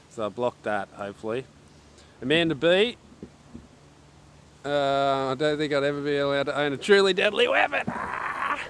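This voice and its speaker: A man's voice: medium pitch, fairly bright tone. A man hosting a casual archery live stream outdoors, chatting, joking and reading viewer messages aloud. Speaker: archery livestream host. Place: outdoors at an archery range in wind. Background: wind noise.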